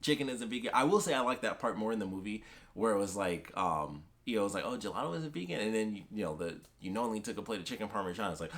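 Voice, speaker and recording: A young man chatting casually about a comic he read, rambling and excitable with many fillers and restarts. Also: fairly low pitch. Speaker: comic book vlogger. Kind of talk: casual chat.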